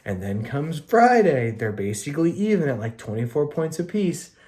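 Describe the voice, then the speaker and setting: A man's voice: on the high side, sing-song, normal speed, darkish tone. A young man hosting a casual fantasy hockey recap podcast, loose and profane, rambling through scores and breaking into mock rants.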